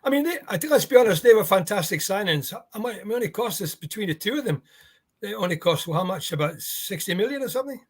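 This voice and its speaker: A male guest in a casual football chat who states his views with emphasis. His voice is husky and fairly high. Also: expressive, quick pace.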